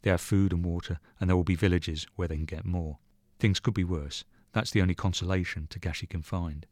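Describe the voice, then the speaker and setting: A man reading a short story aloud in measured, even narration. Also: deep voice, no echo. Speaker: reader.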